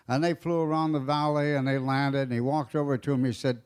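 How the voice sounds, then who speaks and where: An older man telling stand-up jokes at a roast, with a halting, fumbling delivery full of fillers. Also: fairly high pitch, steady tone, a little mellow, clean tone. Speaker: comedian at a roast. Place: banquet dais.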